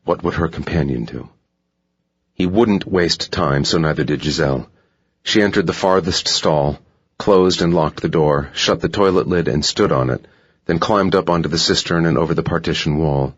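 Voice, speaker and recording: A man narrating a thriller audiobook in a steady, measured reading. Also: extremely low pitch, slightly rough. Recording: dull lo-fi audiobook recording.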